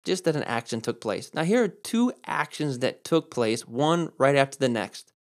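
A man preaching a sermon and explaining Greek words, who repeats key words for stress and switches between slow, drawn-out emphasis and quick asides. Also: mid-range voice, very animated. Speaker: pastor. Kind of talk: sermon with Greek word study.

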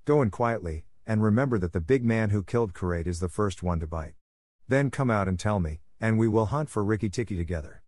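A man's voice: on the low side, expressive, fairly quick, no room sound, clean studio sound. Man doing a scheming female cobra. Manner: hushed, persuasive. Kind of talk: storybook reading.

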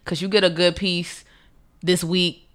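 Casting: animated woman host, bright tone, loud chatty delivery. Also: on the low side, a little slow. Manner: loud, animated, laughing often. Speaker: podcast co-host. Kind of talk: casual chat.

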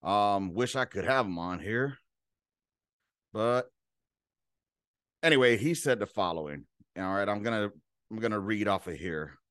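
Male solo podcast host, low-pitched, dry close sound; profane rambling rants. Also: unhurried, long pauses, fairly bright tone, no echo. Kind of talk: casual ranting monologue.

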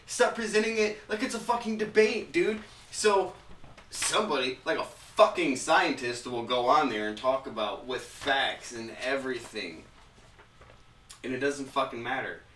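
A man's voice: mid-range voice, sharp tone, recorded from a distance. Ranting man, off-mic in a roomy space. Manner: ranting, profane, argumentative. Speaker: podcast co-host. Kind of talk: casual profane chat. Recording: roomy, off-mic with faint noise.

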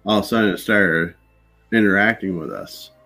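A man with a low voice tells paranormal anecdotes in an unhurried, conversational way. He slips into quoted dialogue as he goes. Faint music sits in the background. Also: vocal fry. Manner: relaxed anecdotal storyteller, acts out dialogue. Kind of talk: casual storytelling in an interview.

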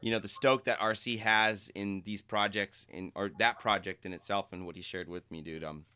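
A man's voice: fairly low pitch, fairly even intonation, normal speed, pushed and bright, clear, resonant tone. A man co-hosting a podcast in casual chat, laid-back, laughing a lot and saying dude and man.

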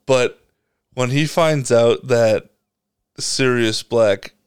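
A man co-hosting a podcast in casual chat, an animated storyteller who acts out scenes with loud impressions. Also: mid-range voice, extremely slow, clear, resonant tone, no room sound, studio quality. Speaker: podcast co-host. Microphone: podcast mic.

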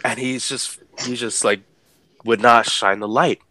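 Bright-voiced man telling a story. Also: mid-range voice, measured pace. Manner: animated, acts out the voices of people in his story; laughs while talking. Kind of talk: casual storytelling.

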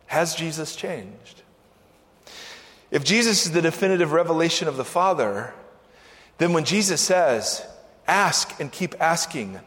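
A man preaching a sermon as pastor, animated, acting out the voices in the scripture he reads. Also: on the high side. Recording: long hall reverb.

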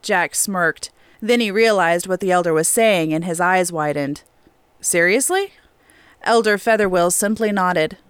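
The smooth, resonant voice of a woman narrating an audiobook in a steady storytelling manner. It is recorded close and dry, with no room sound. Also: lowish voice, moderate pace, no echo. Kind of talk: scripted narration. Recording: clean dry studio recording.

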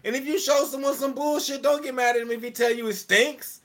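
A man's voice: very high voice, fairly even intonation, fairly quick, fairly bright tone. Heated, profane man ranting on a podcast. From American South. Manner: profane, emphatic, repeats himself. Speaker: podcast co-host. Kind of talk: heated casual podcast rant.

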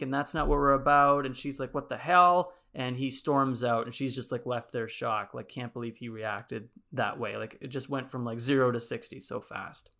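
A man co-hosting a podcast, casually pitching a movie sequel in a rambling way, full of likes and ums. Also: pushed and bright, smooth. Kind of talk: casual chat.

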